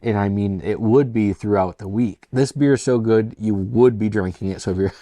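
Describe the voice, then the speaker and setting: A man hosting his own beer review channel, talking in a relaxed, chatty way with rambling asides. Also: on the low side, moderate pace, no room sound. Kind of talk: casual solo review.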